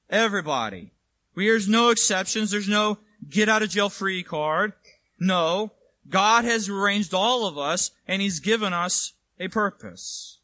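A man preaches a sermon in church, his high voice bright and forceful, with no room sound. He's conversational and emphatic, often checking in with the congregation by asking "right?"

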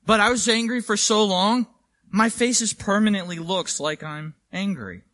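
A man's voice: sits high, moderate pace, bright, forceful tone. A man preaching, voicing a blunt reformed former football player with a wry manner.

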